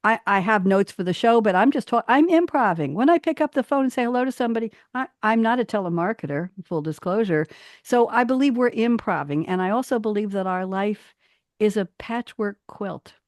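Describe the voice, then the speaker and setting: A woman hosting a radio talk show, chatting casually and reading her own poems aloud, her pitch climbing on emphatic phrases. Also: animated, fairly quick, no room sound, clean studio sound. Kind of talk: casual chat and poetry reading.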